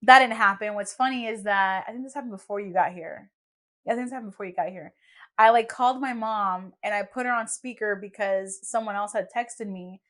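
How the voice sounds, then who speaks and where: A young woman in a mid-range voice hosts a podcast briskly, using a podcast microphone. She tells stories in an easygoing chat, animatedly performing the lines of people she quotes.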